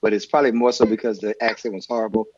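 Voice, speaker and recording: A man's voice: lowish voice, flat delivery, very fast, dull audio, slight background noise. A man co-hosting a casual combat sports podcast, wry and full of questions. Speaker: podcast co-host.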